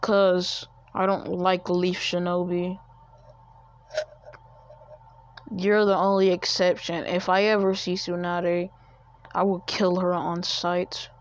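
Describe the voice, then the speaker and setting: A woman voicing a bitter, vengeful young male ninja who shouts in a raised, strained voice. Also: lowish voice, level tone, unhurried, close to an everyday voice. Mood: cold, threatening. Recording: dull lo-fi recording.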